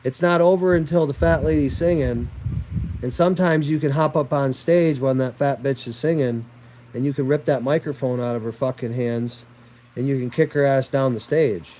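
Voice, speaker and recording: A man's voice: medium pitch, normal speed, mellow, poor audio. A man in the middle of a rambling rant, talking straight at his viewers. He circles back to the same defiant phrases again and again, and now and then he drops into crude, profane language. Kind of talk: ranting monologue to viewers.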